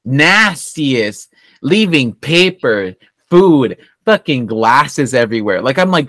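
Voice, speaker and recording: A man's voice: mid-range voice, very animated, unhurried, fairly bright tone, no echo. A man co-hosting a podcast in casual chat, blunt and swearing freely as he rants. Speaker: podcast co-host.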